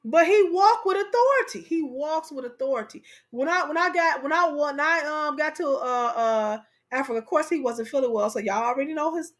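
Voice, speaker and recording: A woman co-hosting a casual chat, telling stories animatedly, repeating phrases for emphasis and talking straight to her audience. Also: high voice. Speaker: co-host.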